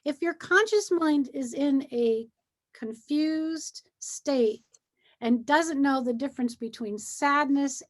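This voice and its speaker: High-voiced earnest middle-aged woman. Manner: earnest, animated, acts out feelings while explaining. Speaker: guest, hypnosis practitioner. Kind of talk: casual conversation.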